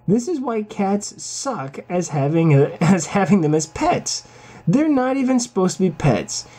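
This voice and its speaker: A man vlogs in an exasperated, crude rant that keeps circling back on itself. His voice is husky and mellow, and his pitch rises and falls a lot. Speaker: vlogger. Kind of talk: casual ranting commentary.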